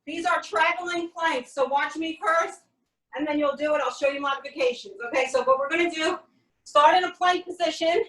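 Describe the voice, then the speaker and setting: A woman's voice: high voice, a bit bright. A woman fitness coach leading a workout, counting reps and giving upbeat step-by-step cues, recorded in an echoey room with the mic at a distance. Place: home workout space.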